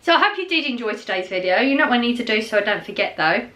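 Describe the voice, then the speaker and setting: A woman's voice: fairly high pitch, very animated, racing, sharp tone. Chatty middle-aged woman vlogging. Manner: chatty and rambling, with many fillers and restarts. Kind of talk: casual chat to camera.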